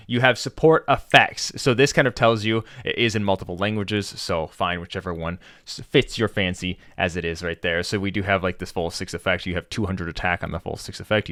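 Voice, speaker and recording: A fairly low-voiced man talks viewers through a game tool, chatty and loose with plenty of fillers. He sometimes slips into a jokey infomercial pitch. The sound is dry and close, with no room around it. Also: a bit bright, dry recording. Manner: mock infomercial hype in bursts. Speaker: gaming content creator. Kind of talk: casual screen-share walkthrough.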